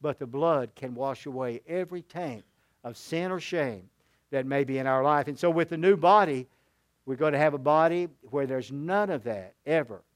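Older male pastor, slightly high voice, dry close mic, earnest sermon storytelling. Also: normal speed, no room sound. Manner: earnest storytelling, emphatic then hushed.

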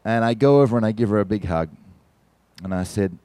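A man giving a sermon testimony, telling a story with lively, animated delivery and speaking directly to the congregation. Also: lowish voice, quick pace, no echo. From from outside the United States. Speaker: visiting church musician and speaker.

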